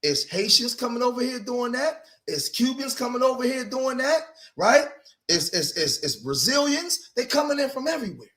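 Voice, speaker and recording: Emphatic high-voiced man reacting to clips. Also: moderate pace. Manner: animated, rising to loud emphatic outbursts, addresses viewers as y'all. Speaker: commentary host. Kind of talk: casual reaction commentary.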